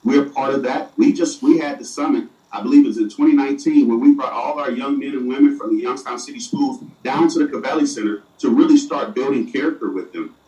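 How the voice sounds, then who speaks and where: Here the mayor, a middle-aged man, has a medium-pitched, dark voice and talks fairly quickly with hardly any pauses. He answers the interviewer earnestly but keeps stumbling and repeating himself, recorded far off-mic in an echoey space.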